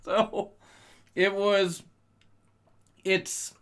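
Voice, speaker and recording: A man's voice: high-pitched, monotone, very slow, fairly bright tone. A man co-hosting a podcast, chatting loosely about wrestling, swearing freely and laughing at his own jokes. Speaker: podcast co-host. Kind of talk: casual wrestling chat.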